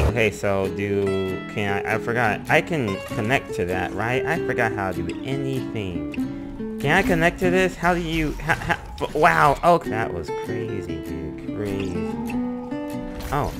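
A young man doing rambling, jokey gameplay commentary with sudden excited outbursts, game music behind. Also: lowish voice, a little slow. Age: young adult. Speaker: gaming YouTuber. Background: game music and sound effects.

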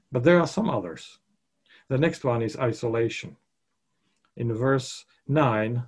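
A man's voice: mid-range voice, a little mellow, slightly rough. A man preaching a sermon in an emphatic way, repeating his key points.

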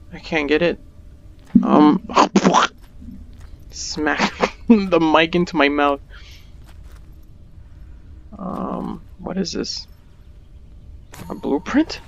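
A man's voice: on the high side, vocal fry, muffled recording. A man playing a survival game, reacting aloud in panicky, exclamatory bursts and talking to himself. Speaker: gamer. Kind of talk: let's play commentary.

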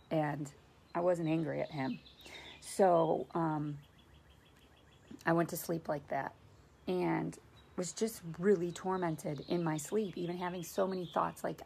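A woman's voice: lowish voice, gravelly, a little mellow, breathy edge. A woman hosting a faith video, casually teaching about dreams and reading scripture aloud in an earnest, conversational way.

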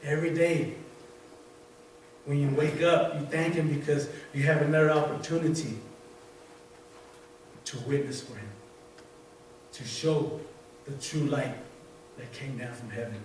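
A man's voice: on the high side, fairly even intonation, darkish tone. Echoey, distant man preaching in church. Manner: repetitive, halting restarts, conversational. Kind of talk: informal sermon with personal story. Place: church sanctuary. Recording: very echoey room, voice off-mic, faint noise.

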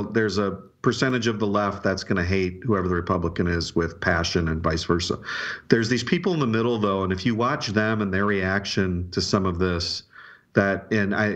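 A man's voice: sits low, highs cut off. A man co-hosting a podcast, chatting casually about politics and rambling with frequent restarts. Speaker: podcast co-host.

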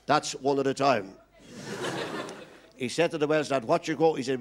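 A man's voice: medium pitch, moderate pace, pauses often, a little hiss or hum. An Irish man doing stand-up comedy, telling long jokes and voicing every character in them himself. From Ireland. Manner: rambling joke teller, playing all the characters himself.

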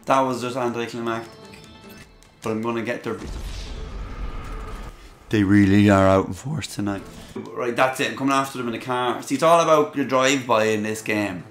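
A young Irish man giving excitable, casual commentary while streaming a game, with sudden loud shouts and laughs and casual swearing. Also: medium pitch, reverberant.

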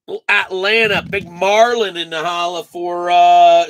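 A man's voice: sits high, a little slow, hardly any pauses, a bit bright. A man hosting a live card break stream, chatting casually, reading off names and teasing his viewers.

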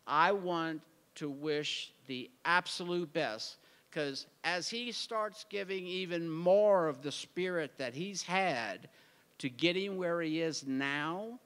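A man's voice: on the high side, slow pace, a bit bright, clean tone. A man giving a folksy award speech, telling a story and talking to the crowd. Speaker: award presenter. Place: large hall at an award show. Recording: reverberant hall.

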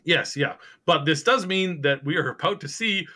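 A man's voice: fairly high pitch, expressive, normal speed, pushed and bright, slightly rough. A man hosting a casual gaming podcast, rambling with many fillers and restarts. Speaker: podcast host.

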